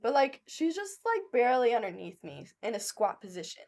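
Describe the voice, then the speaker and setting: A woman with a fairly high voice co-hosts a casual podcast chat. She tells her story bluntly and with lots of swearing, in an animated, unfiltered way. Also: fairly quick, creaky. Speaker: podcast co-host.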